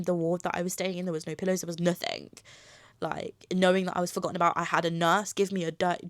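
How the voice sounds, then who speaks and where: A young woman telling a personal story, retelling conversations with doctors in an animated, upset way and close to tears at times. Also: fairly low pitch, dry recording. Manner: animated retelling, acting out both sides of dialogue. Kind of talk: casual storytime vlog.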